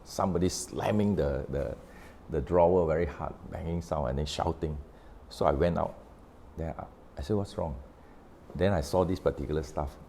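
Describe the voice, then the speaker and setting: A middle-aged man with a Malaysian English accent tells a workplace story in a relaxed, unhurried way, voicing each side of the conversation as he goes. His voice sits very low, with a dark, mellow tone. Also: creaky, a little hiss or hum. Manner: recounts conversations with quoted dialogue, unhurried, explanatory. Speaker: author sharing on his book. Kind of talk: casual storytelling talk.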